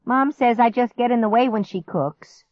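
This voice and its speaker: A woman voicing a nervous, whiny young boy in an audiobook, rising high and squealing when scared. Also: normal speed, no echo, lightly acted. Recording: dry, slightly muffled audiobook recording.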